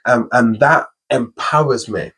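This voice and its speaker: A man's voice: medium pitch, unhurried, fairly bright tone, slightly rough. A young man hosting a podcast, talking earnestly and upbeat in casual conversation, often running through long lists. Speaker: podcast host.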